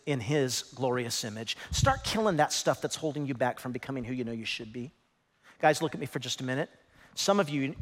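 A man preaching a sermon as pastor, with dramatic swings that swell into shouts. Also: on the high side. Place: church auditorium. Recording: large hall reverb.

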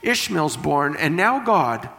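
A man preaching a sermon, reading scripture slowly and then paraphrasing it in animated bursts. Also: fairly high pitch, vocal fry, in a large hall.

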